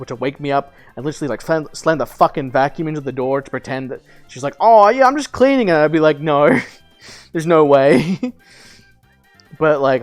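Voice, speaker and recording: A young man in his twenties streaming, telling a long personal story in casual chat, rambling with fillers, restarts and casual swearing. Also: mid-range voice.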